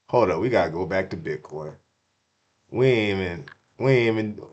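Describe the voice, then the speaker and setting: A man giving casual, slangy crypto market commentary to his chat, swinging from hyped shouts to hushed apologies and repeating himself. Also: fairly low pitch, moderate pace, highs cut off. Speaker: crypto streamer.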